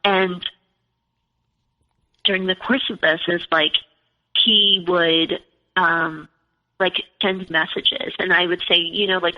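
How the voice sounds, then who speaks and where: A woman's voice: lowish voice, steady tone, slow pace, pauses often. A woman in her forties telling her own story as a podcast guest, chatty and full of "like" and "you know". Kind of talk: personal storytelling in conversation. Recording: lo-fi with long reverb.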